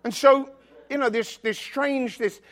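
A male pastor preaching a sermon, telling personal stories in an animated, emphatic way with jokey asides. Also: very high-pitched, unhurried. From outside the United States.

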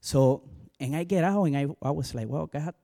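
Spanish-accented pastor guy telling his story, kinda high voice, lots of "you know". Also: normal speed. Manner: animated storytelling, full of "you know" asides. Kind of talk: personal testimony sermon.

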